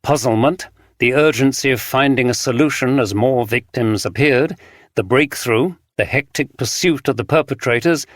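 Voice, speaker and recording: A man reads a mystery audiobook in a measured, even way. His voice sits at medium pitch, and the studio sound is dry and close, with no room echo. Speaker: audiobook narrator. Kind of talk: scripted narration.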